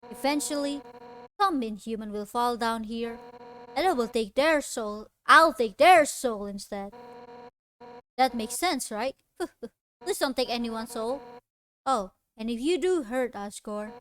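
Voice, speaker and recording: A woman's voice: on the high side, fairly bright tone, a little hiss or hum. A woman reading the lines of a brash, tough fish warrior woman aloud, blunt and boastful.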